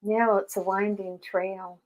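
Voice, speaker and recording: Female co-host, mid-pitched, agreeable, short interjections. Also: level tone, a little slow, slight background noise, low-quality recording. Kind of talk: casual chat.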